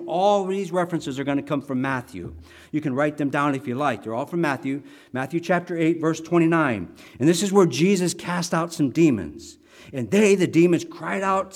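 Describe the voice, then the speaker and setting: A man preaching a sermon in a conversational way, with restarts and asides, dropping almost to a whisper when he quotes scripture and rising again. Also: fairly high pitch. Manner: varies volume widely, drops to near whisper for quotes. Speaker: pastor.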